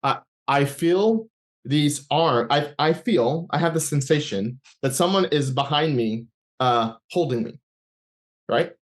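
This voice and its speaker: A man's voice: a little high, lively intonation, slow. A man as an interview guest, giving a personal faith testimony in a rambling storytelling way, with frequent restarts and acted-out thoughts.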